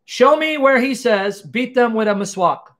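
Man, high voice, taunting live-stream debate host, mocking, combative. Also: lively intonation, normal speed, a bit bright.

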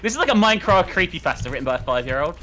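A woman streamer chatting casually during a multiplayer horror game, excitable and quick to shriek and laugh. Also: on the low side, a crowd in the background. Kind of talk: casual gaming chat.

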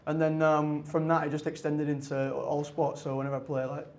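A young man, chatting as a guest in quick, laughing banter with frequent restarts. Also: on the high side, little pitch movement. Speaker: actor guest. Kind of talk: casual chat.

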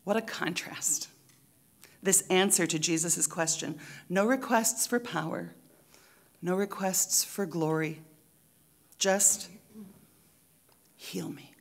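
A woman pastor preaching a sermon in a church, deliberate and emphatic, with rhythmic repetition. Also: on the low side.

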